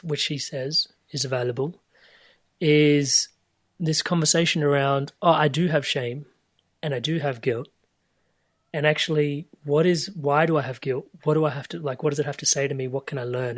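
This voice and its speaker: A man with a slightly high voice, speaking as a guest over a video call. He muses in a searching way, restarts his phrases and lets them trail off softly. The sound is dry and close. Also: dry recording. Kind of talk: reflective conversational storytelling.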